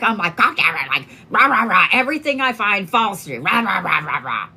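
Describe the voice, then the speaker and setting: Low-voiced woman, candid and profane. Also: sharp tone. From Oklahoma. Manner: candid, profane storytelling with frequent fillers. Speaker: tarot card reader. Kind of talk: casual livestream chat.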